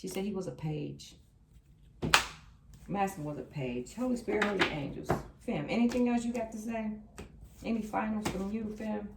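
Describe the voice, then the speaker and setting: A woman's voice: medium pitch, normal speed, gravelly, distant mic, very noisy. A woman giving a casual tarot reading, blunt and slangy, repeating phrases for emphasis. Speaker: tarot reader. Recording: echoey room.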